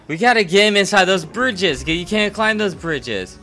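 A man's voice: high-pitched, animated, moderate pace, hardly any pauses, pushed and bright, faint music behind. A man playing a video game and commenting on it in a playful, joking way, sick and coughing now and then. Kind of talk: let's play commentary.

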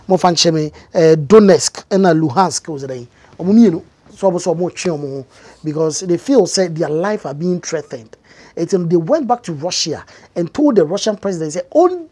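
A woman's voice: fairly low pitch, a little mellow, breathy edge. A woman with a Ghanaian accent giving a casual, explanatory news commentary, with frequent fillers and emphatic rises. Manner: conversational with many fillers, rising emphatic stretches. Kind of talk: explanatory commentary mixing English and Twi.

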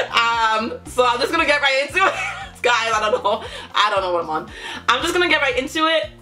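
Bright, animated young woman from Nigeria. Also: on the high side, moderate pace. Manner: animated, exclaims and laughs often. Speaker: reaction video host. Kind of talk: casual reaction commentary. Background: faint music from the video.

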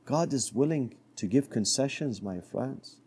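Mellow-voiced male preacher telling a story. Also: lively intonation, unhurried, slightly rough. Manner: storytelling, dropping to a soft low voice for quoted words. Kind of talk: sermon.

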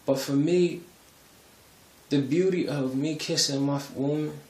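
A man's voice: on the high side, unhurried, darkish tone, reverberant. A man giving a casual religious testimony on his vlog, talking in a rambling, conversational way with many fillers. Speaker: video creator sharing a spiritual testimony.

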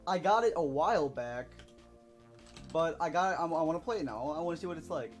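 A young man giving let's play commentary, excitable, whooping and shouting while he plays. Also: on the high side, a little fast, faint music behind. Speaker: gaming YouTuber.

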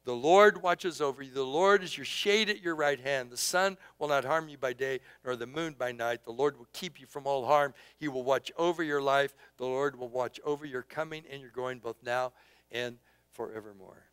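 A man preaching a sermon as pastor, impassioned and conversational, swinging between loud outbursts and hushed asides. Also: mid-range voice, moderate pace, clean tone, no echo. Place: church sanctuary.

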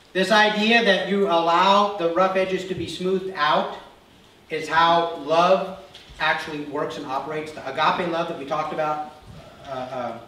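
Middle-aged man, pastor, conversational storytelling sermon, slightly high voice, heavy church echo, distant mic. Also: a bit bright, slight background noise. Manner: storytelling, acts out quoted family dialogue with humor. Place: church sanctuary.

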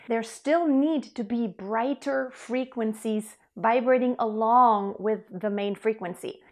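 Bright-voiced woman vocal coach. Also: on the high side. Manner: explains with sung demonstrations. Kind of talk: singing lesson.

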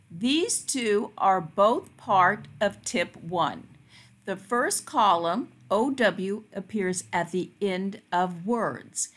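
Woman, phonics lesson narration, unhurried, careful, crisp bright tone. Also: mid-range voice. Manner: slow, careful, deliberate word-by-word delivery. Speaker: teacher.

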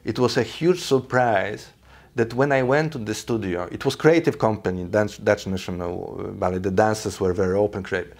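Polish man, Polish accent, middle-aged, fairly low voice, anecdotal interview talk, thinks aloud with fillers. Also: moderate pace, creaky. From Poland. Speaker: ballet artistic director. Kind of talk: reflective career interview.

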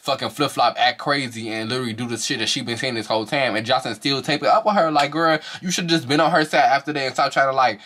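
In a bright, forceful voice, a man rattles quickly through a profane review of a reality show. He shifts into high-pitched impressions whenever he quotes the cast, keeping the casual commentary animated and full of slang.

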